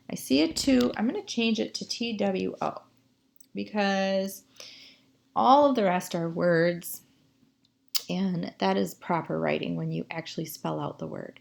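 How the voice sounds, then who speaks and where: A woman's voice: mid-range voice, vocal fry. A woman teacher giving a writing lesson, reading sentences aloud and asking the class what to fix. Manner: slow, explaining, asks the class questions.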